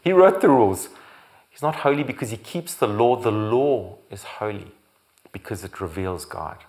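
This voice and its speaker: A man preaching a sermon as pastor, building to loud, emphatic repeated phrases and sometimes correcting himself. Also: lowish voice, animated, normal speed. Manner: occasional restarts and self-corrections.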